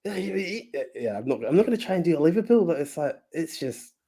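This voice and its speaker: A man's voice: a little high, very animated, fast talker, warm tone. A British man with a plain, unposh English accent, co-hosting a podcast in rambling casual chat. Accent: English, not posh. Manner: chatty, rambling, with restarts. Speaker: podcast co-host.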